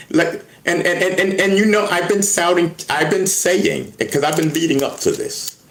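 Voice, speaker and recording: A man's voice: sits high, moderate pace, fairly bright tone, rough recording. A man hosting hip hop news on a live stream, rambling, stumbling over repeated words and talking straight to his chat. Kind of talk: casual live-stream commentary.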